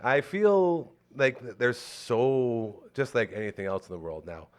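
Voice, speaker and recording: A man's voice: mid-range voice, expressive, unhurried, clean tone. A man co-hosting a casual podcast from Canada, talking in a wry, teasing, laid-back way. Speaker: podcast co-host.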